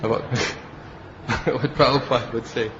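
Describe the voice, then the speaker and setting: A man's voice: mid-range voice, fairly even intonation, slow pace, background noise. Man telling a devotional story, lo-fi. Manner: storytelling, acts out quoted speech. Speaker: spiritual teacher giving a class.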